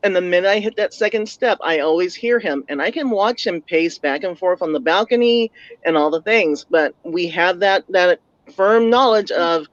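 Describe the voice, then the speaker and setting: A woman's voice: lowish voice, lively intonation, moderate pace, dry recording. A woman in her forties from the San Diego area, telling a ghost story earnestly in casual chat. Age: 40s. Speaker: paranormal talk show panelist. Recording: dull, dry lo-fi audio.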